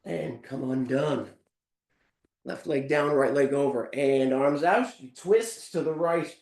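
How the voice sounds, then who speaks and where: A male fitness instructor leading a live workout class, counting reps aloud and giving calm step-by-step cues while out of breath. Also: mid-range voice, takes it slowly, reverberant.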